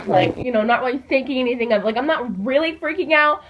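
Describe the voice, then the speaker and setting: A teenage girl telling a story in a casual, chatty way, with lots of fillers and an animated delivery. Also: fairly high pitch, quick pace, hardly any pauses, a little hiss or hum. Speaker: vlogger. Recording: dull lo-fi recording.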